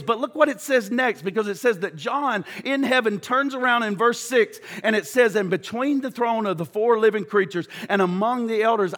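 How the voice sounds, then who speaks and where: Middle-aged male preacher, high bright voice, big swings from shouts to hushed lows, church hall echo. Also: fairly quick, hardly any pauses. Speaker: pastor. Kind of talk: sermon. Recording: long hall reverb.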